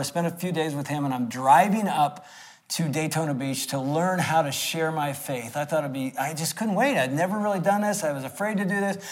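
A man in his sixties preaching through a personal story, acting it out with swings from loud to hushed. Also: on the high side. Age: 60s. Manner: animated, acts out the scenes with swings between loud and hushed. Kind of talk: storytelling sermon.

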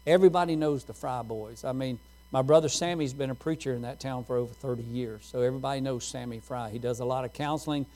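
A man's voice: medium pitch, warm tone. A man preaching a sermon, quoting scripture and telling homespun stories in a folksy manner.

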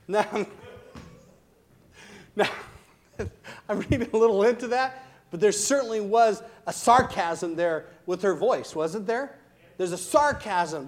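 A middle-aged male pastor preaches with passion, his voice pitched high for a man. He punches key lines loudly, then drops to quiet, earnest asides. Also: lively intonation, normal speed, long pauses. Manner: passionate, swinging from loud to hushed. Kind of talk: sermon.

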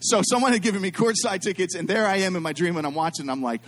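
A middle-aged man preaching a sermon as a pastor, animated and repetitive, calling on the congregation to answer him. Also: sits high, rapid-fire.

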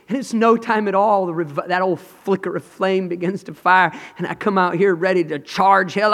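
A man preaching a sermon with passion, swinging from loud cries to hushed whispers. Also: high voice, steady tone, normal speed, hardly any pauses. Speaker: pastor. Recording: long hall reverb.

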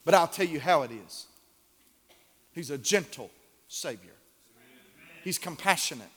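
A very high-pitched male pastor preaching a sermon, repeating key lines and answering his own questions. He builds to shouts, and his voice rings through a hall with a long reverb.

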